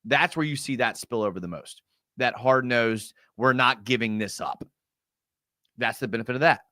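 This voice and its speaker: A man's voice: medium pitch, normal speed, dry recording, clean studio sound. A man hosting a live fan show, breaking down game film in a casual, exasperated ranting style and answering chat. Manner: animated, exasperated rants with sarcasm.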